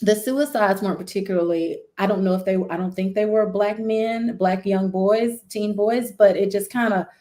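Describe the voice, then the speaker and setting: A woman's voice: mid-range voice, normal speed, few pauses. A woman, a guest on a talk stream, speaking earnestly and telling a story in a conversational way. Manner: earnest, storytelling, animated when recounting. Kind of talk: conversational discussion.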